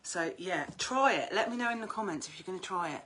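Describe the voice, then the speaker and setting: A woman's voice: fairly low pitch, a little fast, noisy background. A middle-aged woman, chatting casually on a livestream as an oracle card reader, talkative and prone to swearing. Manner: chatty, animated, swears freely.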